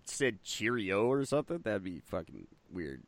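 Animated, swearing man co-hosting. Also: lowish voice, normal speed, no echo. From Canada. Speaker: podcast co-host. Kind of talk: crude casual banter.

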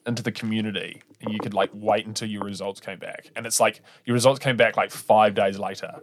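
A man's voice: fairly low pitch, a little fast, slight background noise. A young man with a New Zealand accent co-hosting a podcast, telling stories with swearing and energy. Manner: lively, swearing storyteller. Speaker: podcast co-host. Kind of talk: casual chat.

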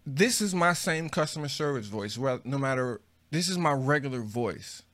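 A man's voice: medium pitch, expressive, moderate pace, fairly bright tone. A young man co-hosting a podcast, laid-back and articulate, chatting casually and swearing freely. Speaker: podcast co-host.

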